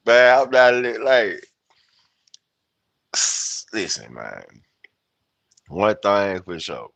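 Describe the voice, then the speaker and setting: Gravelly fifty-something Memphis man rambling. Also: fairly low pitch, big pitch swings, drawn-out words, long pauses, a bit bright, dry recording. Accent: Southern US, Memphis. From United States. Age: 50s. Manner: loose, rambling and profane, laughs at himself. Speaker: livestream host. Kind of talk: casual livestream chat.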